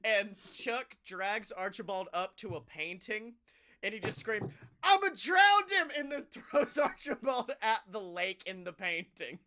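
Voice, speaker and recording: A man co-hosting a casual wrestling podcast, telling stories in an animated, profane way and laughing often. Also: high-pitched, a little slow. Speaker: podcast co-host.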